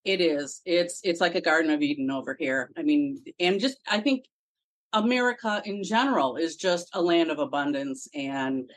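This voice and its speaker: A woman's voice: low-pitched, moderate pace. A woman speaking as a podcast guest, friendly and self-deprecating, who laughs often. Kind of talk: casual interview chat.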